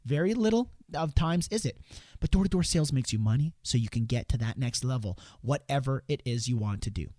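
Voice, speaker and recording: A man's voice: mid-range voice, lively intonation, fairly quick, darkish tone, dry recording, clean studio sound. Rambling man coaching sales. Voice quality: rambling, repeats words and restarts, acts out quotes in a raised voice. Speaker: sales coach hosting a show. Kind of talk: casual coaching talk.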